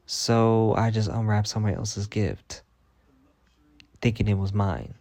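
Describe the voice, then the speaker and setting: A man's voice: lowish voice, a little slow, long pauses, no room sound. A young man telling stories in a casual vlog rant, profane and dramatic. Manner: profane, dramatic, animated retelling. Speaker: vlogger.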